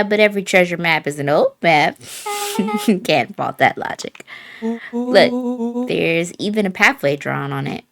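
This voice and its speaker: A woman streamer reading game character dialogue aloud in a playful way, changing her voice for each character. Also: fairly low pitch. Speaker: let's play streamer.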